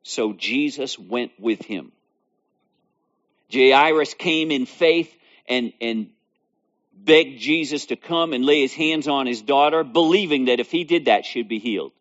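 A man's voice: mid-range voice, a little slow, a bit bright. A man preaching a sermon, reading scripture aloud and expounding on it, repeating phrases with building emphasis. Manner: reads scripture then expounds with repetition and rising emphasis. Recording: dull lo-fi recording.

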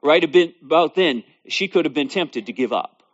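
A man delivers a sermon in a slightly high, animated voice that swoops up and down. He reads scripture, then repeats key lines with growing emphasis. The recording is dull and lo-fi. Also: normal speed. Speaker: preacher.

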